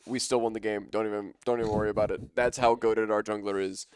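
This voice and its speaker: Young male caster, low clear voice, dry close sound, loose and chatty. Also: level tone, quick pace, dry recording. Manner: casual, rambling, enthusiastic. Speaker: esports caster. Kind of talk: live esports commentary.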